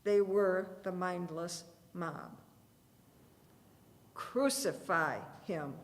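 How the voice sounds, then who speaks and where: A woman reading a dramatic scripted narration aloud in a church, with deliberate storytelling. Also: mid-range voice. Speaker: reader. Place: church sanctuary. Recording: reverberant church hall.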